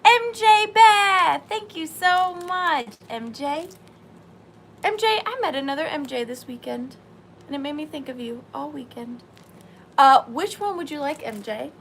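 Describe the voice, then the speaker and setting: A woman hosting a live-stream sale, chatting excitedly and greeting viewers by name. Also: high voice, a little slow, slight background noise, rough recording. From Southern US.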